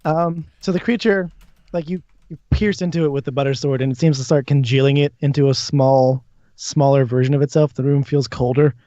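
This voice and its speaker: A man's voice: medium pitch, steady tone, brisk, warm tone, dry recording. Man running a tabletop game, dry muffled sound. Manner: hesitant, many ums and restarts. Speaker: dungeon master. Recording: dull lo-fi stream audio.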